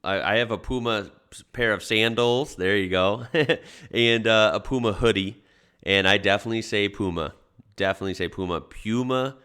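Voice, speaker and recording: A young man from the United States talks through a reaction video in a relaxed, chatty way, dropping "uh" often. His voice sits very low yet sounds bright and forceful. It comes through smooth and resonant. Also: moderate pace. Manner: easygoing, chatty, many fillers. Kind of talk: casual reaction commentary.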